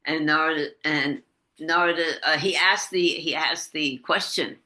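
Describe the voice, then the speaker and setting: A woman leading a devotional class over a video call, telling a story with many restarts and lively quoted voices. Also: sits low. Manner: halting, restarts often, animated when quoting. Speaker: class leader. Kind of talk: casual storytelling in an online class. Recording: echoey video call audio.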